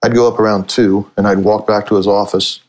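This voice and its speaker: A middle-aged man, a sportswriter and author, telling long anecdotes in a relaxed conversational way, restarting his sentences often. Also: lowish voice, fairly quick, poor audio. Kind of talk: conversational storytelling.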